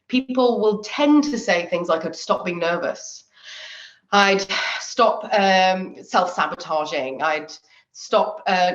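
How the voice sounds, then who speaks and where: A woman, giving a chatty, lively online workshop talk on confidence and laughing often. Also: mid-range voice. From England. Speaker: confidence trainer. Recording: echoey, dull lo-fi audio.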